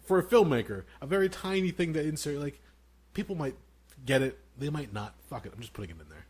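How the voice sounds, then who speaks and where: Fast-talking, husky-voiced man. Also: a little high. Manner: profane, excitable, laughs often. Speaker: podcast co-host. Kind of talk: casual chat.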